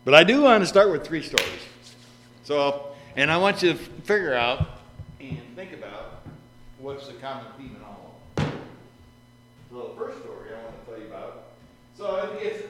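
A man preaching a storytelling sermon into a microphone, animated and acting out the voices in his stories. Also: medium pitch, normal speed, pauses often. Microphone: microphone at a lectern. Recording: reverberant hall with faint hum.

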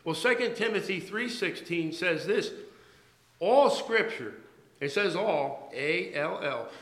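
A man preaching a sermon to his church, halting and restarting his words, then pressing his points with emphasis. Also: on the high side, sharp tone, echoey room, rough recording. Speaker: pastor.

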